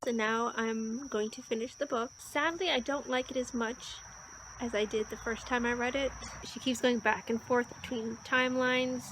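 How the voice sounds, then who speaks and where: A woman's voice: fairly high pitch, fairly even intonation, normal speed, a bit bright, a little hiss or hum, poor audio. A woman vlogging casually about a book she is reading, earnest and getting worked up as she talks. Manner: earnest, gets worked up when discussing the book. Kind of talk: casual vlog talk to camera.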